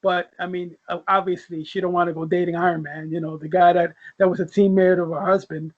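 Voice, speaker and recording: A man with a fairly high voice speaks as a guest on a comic book discussion. His audio sounds dull and lo-fi. He laughs often and repeats words while he gathers his thoughts. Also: little pitch movement, fairly quick.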